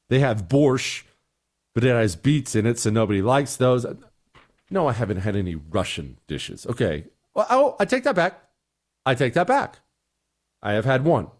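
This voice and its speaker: A man's voice: mid-range voice, a little mellow. A middle-aged man hosting a talk show, giving blunt, exasperated opinions and answering listener emails.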